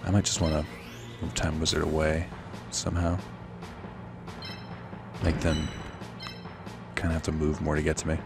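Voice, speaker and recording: Rambling, sardonic young man, deep voice. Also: little pitch movement, moderate pace, long pauses, over music. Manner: rambling, sardonic, many fillers and "like"s. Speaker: let's play host. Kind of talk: casual storytelling while gaming.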